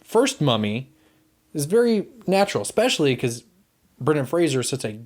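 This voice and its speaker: A man co-hosting a podcast, chatting casually about movies in a rambling, animated way, swearing and acting out quotes. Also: a little high, normal speed. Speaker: podcast co-host.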